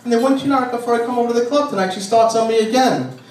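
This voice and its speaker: A high-voiced man works through a stand-up set about his nagging wife and breaks into shrill impressions of her. The sound is a distant, echoey club recording with steady background noise. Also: very fast. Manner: exasperated, shrieking put-upon impressions of his nagging wife. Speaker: stand-up comic. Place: small comedy club. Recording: roomy club from a distant mic, noisy. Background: crowd laughter.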